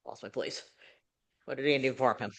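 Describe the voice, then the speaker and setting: A woman hosting a rewatch show, hard of hearing, recapping plot in quick run-on sentences. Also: very deep voice, steady tone. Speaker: podcast host. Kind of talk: episode recap and casual chat.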